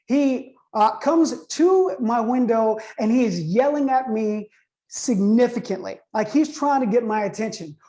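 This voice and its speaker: A man's voice: very high voice, a little slow, warm tone. A man in his thirties telling a personal story to an online audience in a conversational way, building suspense with questions to his listeners.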